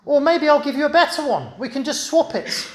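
Sulky greedy king, put on by a man, petulant, raised pitch, roomy echo. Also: expressive, brisk. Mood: persuasive. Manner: pleading, petulant. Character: covetous sulking king, grown man, whiny.

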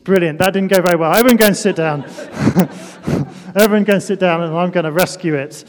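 Playful high-voiced preacher in a hall. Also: male voice, a little fast. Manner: playful, self-deprecating, calls out volunteers. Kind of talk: sermon with a children's demonstration. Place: church hall. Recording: echoey church hall.

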